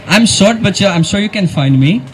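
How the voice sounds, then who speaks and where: A man working as MC at an outdoor gathering, speaking emotionally and haltingly, with frequent fillers and small laughs. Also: high voice, lively intonation, slight background noise, rough recording. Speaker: event MC. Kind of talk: live outdoor event hosting. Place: outdoor event crowd gathering.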